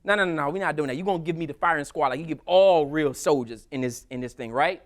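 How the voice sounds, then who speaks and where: A woman's voice: deep voice, fast talker, close to an everyday voice. A man voicing a fearless, defiant woman rebel general who talks scornfully and commands.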